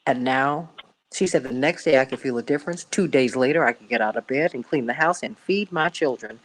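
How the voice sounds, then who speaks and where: A woman's voice: extremely low pitch, a little fast, rough recording. A woman hosting a radio talk show, chatting animatedly, laughing often and mimicking voices when she quotes people. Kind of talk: casual talk radio chat.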